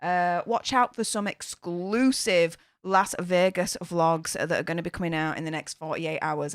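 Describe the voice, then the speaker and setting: Speaking in a deep voice with a Yorkshire accent, this young adult YouTube host chats bluntly on her livestream, reading out fan super chats and cursing without restraint. She's from Yorkshire, England, and the audio is clean studio quality with no echo.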